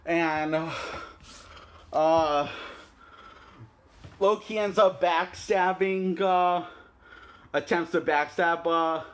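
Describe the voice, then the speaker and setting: A man casually retelling a movie plot, halting with many fillers and frequent chuckles. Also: on the high side, steady tone. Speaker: film reviewer.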